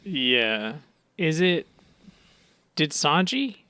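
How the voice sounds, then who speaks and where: A man's voice: a little high, big pitch swings, extremely slow, sharp tone, clean tone, dry recording. A man co-hosting a podcast in casual chat, laid-back and wry. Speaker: podcast co-host.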